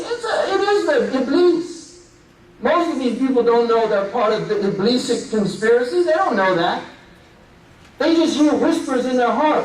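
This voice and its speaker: A man's voice: very high-pitched, expressive, moderate pace. A man giving an impassioned Friday sermon in a mosque, emphatic and full of rhetorical questions. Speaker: preacher. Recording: echoey hall, mic at a distance.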